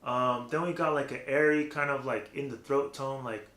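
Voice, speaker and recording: A man's voice: medium pitch, steady tone, normal speed, few pauses, fairly bright tone. A man giving a casual, rambling vocal technique lesson, full of fillers, who breaks off to demonstrate different voice placements. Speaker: vocal coach. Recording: roomy echo.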